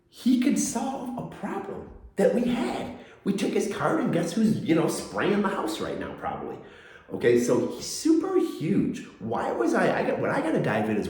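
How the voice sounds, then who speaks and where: A man giving a casual motivational talk with a lively, swooping delivery. He slips into little acted-out quotes while telling a personal story. His voice bounces around a strongly echoing room. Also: medium pitch. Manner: animated storytelling, acts out quotes. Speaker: motivational host. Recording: very echoey room.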